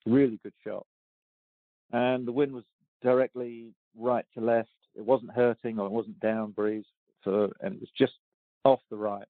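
A man's voice: mid-range voice, fairly even intonation, moderate pace, no room sound. A man in his sixties telling stories in an interview, with many ums and restarts and easy laughs. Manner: hesitant, lots of ums and restarts, laughs easily. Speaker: golf champion guest. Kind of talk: relaxed storytelling interview. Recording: tinny phone line, dry.

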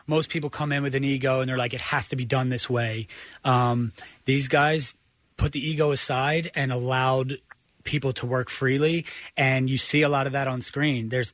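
Earnest producer guest, dry mic. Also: male voice, mid-range voice, a bit bright, no room sound. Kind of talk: casual radio interview chat.

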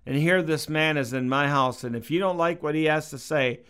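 A man giving a radio sermon, telling a personal story in an earnest, gentle way and slowing down on key phrases. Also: a little high, clean tone. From Canada. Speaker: radio preacher.

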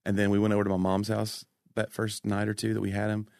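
A man with a low, gravelly voice who co-hosts a casual podcast. He rambles through stories and slips in wry asides. The sound is close and dry. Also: completely flat delivery, quick pace, a little mellow, no room sound. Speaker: podcast co-host. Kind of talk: casual chat.

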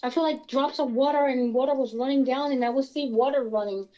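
A woman from Pennsylvania telling her own experiences in a casual interview, animated and rambling with many restarts. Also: sits high, fairly quick, dull audio. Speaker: guest experiencer.

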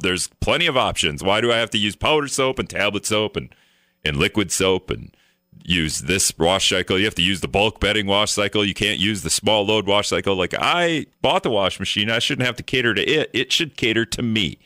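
A man's voice: fairly low pitch, fairly quick, no echo, clean studio sound. A man hosting a talk radio show, ranting in a casual way and acting out his phone calls in a raised voice. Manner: animated storyteller, mimics phone calls in a raised voice.

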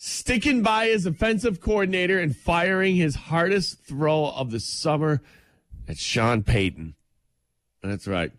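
A man's voice: fairly high pitch, animated, a little slow, a bit bright, dry recording. Guy on a morning radio show, joking around, voice bounces up and down, dry close studio mic. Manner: loose, joking, playful. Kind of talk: casual radio banter and sports read.

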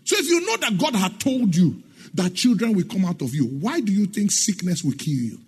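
A man's voice: high-pitched, sing-song, normal speed, husky. A middle-aged man preaching a sermon in an emphatic, sing-song way, asking the congregation questions and acting out the dialogue in his stories. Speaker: pastor.

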